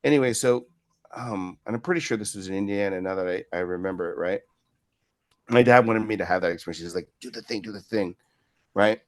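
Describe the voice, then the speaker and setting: A man in his fifties with a lowish voice, talking through long stories as an interview guest. His speech rambles and keeps checking in with a quick "right?" as he goes. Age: 50s. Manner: rambling, with frequent "right?" tag questions. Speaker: martial arts instructor as interview guest. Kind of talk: casual storytelling in an interview.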